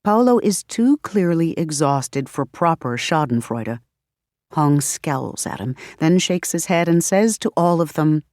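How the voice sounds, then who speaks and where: This is a woman's low voice narrating a scripted audiobook at a measured, steady pace. The studio recording is clean, with no room sound at all.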